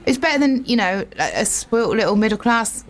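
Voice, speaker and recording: Woman, radio co-host, giggly, playful, slightly high voice. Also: lively intonation, a little fast. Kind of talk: casual radio chat.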